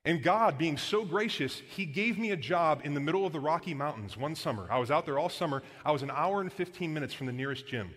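Earnest pastor preaching in a reverberant hall. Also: male voice, on the high side, animated, fast, hardly any pauses, a bit bright. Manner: casual and earnest, preaches with frequent "like" and "guys". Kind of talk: sermon. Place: church sanctuary.

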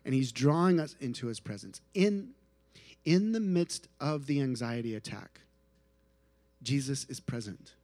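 Earnest preacher with a dry, close sound. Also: male voice, medium pitch, lively intonation, measured pace, dry recording. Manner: earnest, shifts between soft hushed passages and rising emphatic ones. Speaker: pastor. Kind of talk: sermon. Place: outdoor tent gathering.

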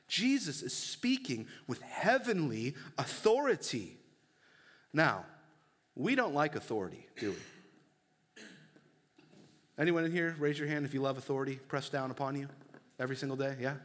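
A man's voice: medium pitch, sing-song, moderate pace, pauses often, fairly bright tone. A young man preaching a sermon as pastor, earnest and conversational, with casual fillers between points.

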